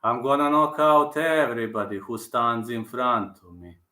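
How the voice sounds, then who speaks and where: A calm male fighter, drawled out slowly and flatly, as a man puts him on. The tone sits a bit low and stays bright. The room around it echoes. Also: close to an everyday voice. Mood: deadpan. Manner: slow, measured, deadpan delivery. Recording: roomy echo.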